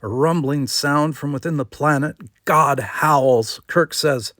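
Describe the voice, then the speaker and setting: Man reading script directions, slow and plain, dry close sound. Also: medium pitch, dry recording. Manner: plain, steady stage directions. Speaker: script reader. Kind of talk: reading a screenplay aloud.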